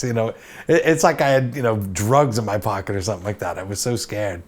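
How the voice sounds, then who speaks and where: A man's voice: on the low side, fast talker. A man in his fifties telling a story to camera as host, chatty and self-deprecating, with many asides.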